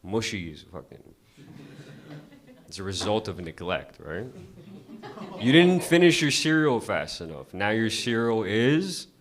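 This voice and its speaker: A man's voice: fairly low pitch, big pitch swings, measured pace, pauses often. A man doing a casual, profane stand-up set at an open mic, talking to the crowd conversationally. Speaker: stand-up comedian. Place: comedy club stage.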